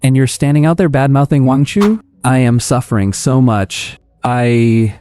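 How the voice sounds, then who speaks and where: Casting: a man playing a timid, stammering middle-aged mother, mellow low voice, in a comic recap story. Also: measured pace, a little hiss or hum, natural voice. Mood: nervous. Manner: stammering, hesitant.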